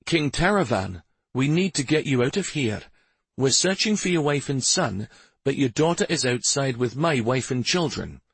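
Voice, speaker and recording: A man voicing a steady warrior prince who gives firm orders and speaks softly to the frightened, in a storybook reading. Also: mid-range voice, moderate pace, gravelly, husky, dry recording, pitched above the performer's own voice. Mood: commanding. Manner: firm, demanding; gentle with the frightened. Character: commanding, steady young male prince warrior.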